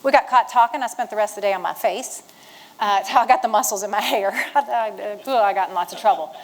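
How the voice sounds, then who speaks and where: A woman in her fifties from Virginia, a retired Marine giving a motivational talk to veterans in an event room, telling her story with lively acted-out dialogue. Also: mid-range voice, fairly quick, low-quality recording. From Virginia, USA.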